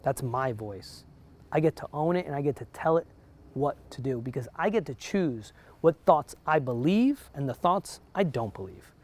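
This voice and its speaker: Addressing a room of realtors, a New Jersey–accented real estate broker speaks at medium pitch and normal speed, sounding expressive. He keeps the motivational talk conversational and often checks in with his audience.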